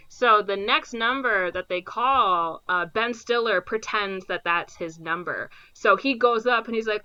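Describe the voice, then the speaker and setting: Podcast co-host, woman, bright crisp voice, animated, filler-heavy plot recap, slightly dull recording. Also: mid-range voice, moderate pace, few pauses. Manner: animated retelling with frequent fillers and quoted impressions. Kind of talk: casual movie recap.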